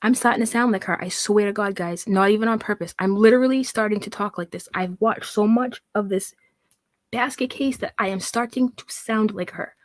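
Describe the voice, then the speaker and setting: A woman's voice: mid-range voice, a little fast, no echo. A woman giving a sarcastic, mocking commentary rant, reading out comments with scorn and swearing freely. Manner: mocking, profane, reads comments aloud in a scornful tone. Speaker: commentary vlogger.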